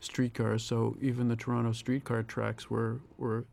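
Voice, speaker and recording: A man, a film director, giving a reflective audio commentary, thinking aloud with pauses and restarts. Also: medium pitch, flat delivery, vocal fry, a little mellow.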